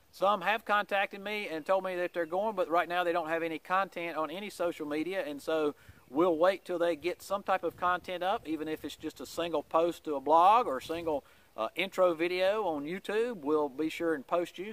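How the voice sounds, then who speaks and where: A man's voice: fairly high pitch, a bit bright. A man giving a casual weekly vlog update in a folksy, rambling way, with many "uh" fillers.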